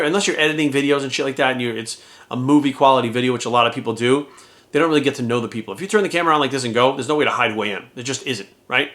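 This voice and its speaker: A man's voice: medium pitch, a bit bright. Blunt, swearing man ranting to camera. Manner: blunt, profane, heated. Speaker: fitness coach and YouTuber. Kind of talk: casual talk to camera.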